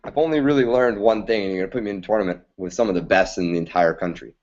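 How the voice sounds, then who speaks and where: A man's voice: lowish voice, very fast, a little mellow, pitched below the performer's own voice, close to an everyday voice. Eager, earnest boy as a man puts him on, muffled lo-fi sound. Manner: pleading, earnest. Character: eager young boy who wants to learn judo.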